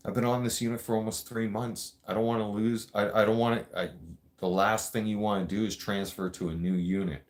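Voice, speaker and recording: A show host with a lowish voice and a level tone tells a story at a fairly quick clip. His style is blunt, casual and streetwise, with heavy swearing and direct address to listeners.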